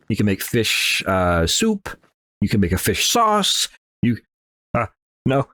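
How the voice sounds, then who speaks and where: A sing-song man on the low side, fairly bright in tone, comments at a measured pace while playing a horror game, with no echo. This let's play host sounds slightly nasal after sneezing and keeps rambling, making fun of himself and talking back to the game.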